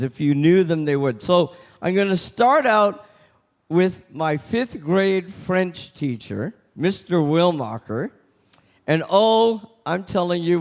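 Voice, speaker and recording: A man on an outdoor open-mic stage, talking slowly with a high voice. He is self-deprecating, stumbles and restarts, and chuckles at his own bits. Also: a little mellow. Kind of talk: stand-up comedy set.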